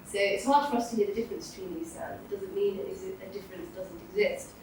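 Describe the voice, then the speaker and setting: A woman's voice: mid-range voice, fast talker, darkish tone, far from the mic, slight background noise. A woman with a British accent leading a group class in Sanskrit pronunciation. She demonstrates each sound for the group to repeat. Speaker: Sanskrit teacher. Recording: echoey room, voice from off-mic.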